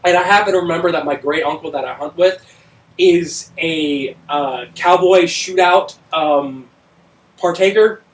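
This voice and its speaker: Brief: high-pitched male podcaster, loud and profane, distant mic in a roomy space. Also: measured pace, a little hiss or hum. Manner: loud, profane, animated storyteller. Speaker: podcast co-host. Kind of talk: casual storytelling chat.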